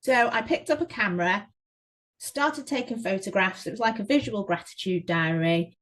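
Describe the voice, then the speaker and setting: An English woman talks openly as a podcast guest, telling her life story in a lively way and leaning on little fillers as she goes. Her voice sits at an average pitch for a woman, neither high nor low. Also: moderate pace, poor audio. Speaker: guest, photographer. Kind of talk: casual podcast interview.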